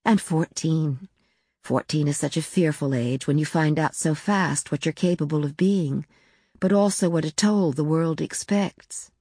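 A woman reading the lines of a gentle, timid aristocratic mother who speaks earnestly and grows passionate. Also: low-pitched, a little slow, husky, no room sound, studio quality.

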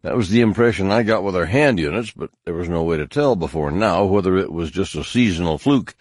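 Narrator doing a gruff scientist: deep, dry, clipped technical talk. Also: male voice, lively intonation, a little fast, darkish tone, dry recording. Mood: reporting.

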